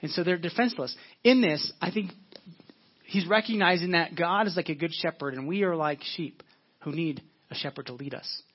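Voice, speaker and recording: High-voiced male preacher, slow and earnest. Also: husky, dull audio. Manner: earnest, repeats phrases for emphasis, slows down for scripture. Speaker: pastor. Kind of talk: sermon.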